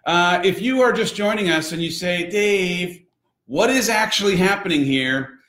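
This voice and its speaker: Playful dad hosting a home show. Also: male voice, high voice, lively intonation, measured pace, a bit bright, reverberant, a little hiss or hum. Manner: goofy, showman announcer tone. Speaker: host. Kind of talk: playful home morning show with his child.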